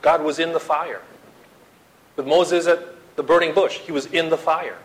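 A man preaching a sermon to his congregation, swinging from loud dramatic outbursts to hushed appeals and acting out the quotes he reads. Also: fairly high pitch, fairly even intonation, normal speed, poor audio. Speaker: pastor.

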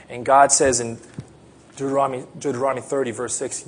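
Man preacher, husky, earnest sermon delivery, mid-pitched. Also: flat delivery, fairly quick. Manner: earnest, rises to loud pleading prayer then drops soft.

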